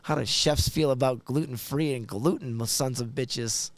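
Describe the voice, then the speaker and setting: A man in casual chat as a podcast co-host and cook, telling animated stories full of slang and swearing. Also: mid-range voice, measured pace, dry recording.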